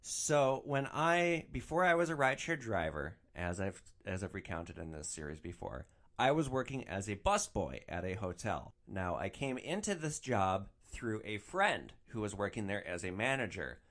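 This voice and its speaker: A young man hosting a solo podcast, telling stories in an animated, ranting way and swearing freely. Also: lowish voice, normal speed. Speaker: podcast host.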